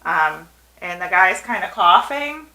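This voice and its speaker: Bright-voiced woman co-hosting a podcast. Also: fairly low pitch, a little slow, poor audio. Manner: animated retelling, acting out quoted lines. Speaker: podcast co-host. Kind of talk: casual episode review chat.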